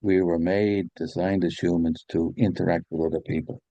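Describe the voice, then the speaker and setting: Man, very low voice, mellow tone, earnest, reflective, casual chat. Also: steady tone, moderate pace, dry recording, highs cut off.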